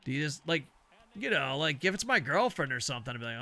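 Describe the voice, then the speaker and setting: A man's voice: a little high, very animated, fast, sharp tone. An older man, a semi-retired teacher, rambling casually and profanely while streaming a game, laughing often. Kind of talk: casual chat while gaming.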